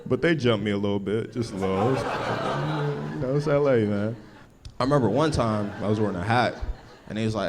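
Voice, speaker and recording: A man's voice: medium pitch, brisk, background noise. Laid-back man doing stand-up. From Los Angeles. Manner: laid-back punchy delivery, slangy asides like bro and you feel me. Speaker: stand-up comedian. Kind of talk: stand-up comedy set. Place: live comedy show before an audience.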